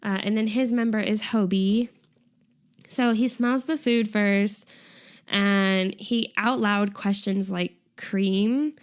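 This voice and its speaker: A young woman in a relaxed co-hosted chat, walking through scenes from a variety show. She talks in a loose, chatty way, dropping fillers and laughing at the funny parts. Her voice sits at an ordinary middle pitch. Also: takes it slowly. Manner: chatty, giggly, lots of "like" fillers. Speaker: podcast co-host.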